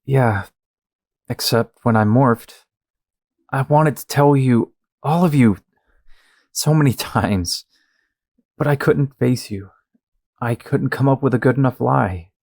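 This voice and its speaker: A man plays a remorseful young hero in an audio drama, speaking slowly in a gravelly voice. He halts and apologizes, recorded dry. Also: medium pitch, a little mellow, no room sound. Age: young adult. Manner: halting, apologetic.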